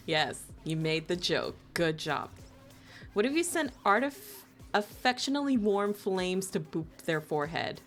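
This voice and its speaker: Speaking at a measured pace, a New Jersey woman teases and plays with her live stream audience in a casual chat. Frequent laughter breaks in, her voice leaps high when excited, and soft music plays behind her.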